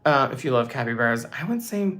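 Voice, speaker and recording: A young woman hosting a casual livestream Q&A, reading out chat comments in a bubbly, chatty way with quick asides. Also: very deep voice, lively intonation, fairly bright tone. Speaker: livestream host.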